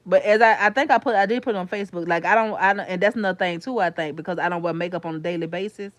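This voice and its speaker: A woman's voice: fairly low pitch, rapid-fire, dry recording. A woman from Florida with a Florida accent, chatting casually with viewers in a livestream, rambling and calling them honey and sugar. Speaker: YouTuber talking to her live chat.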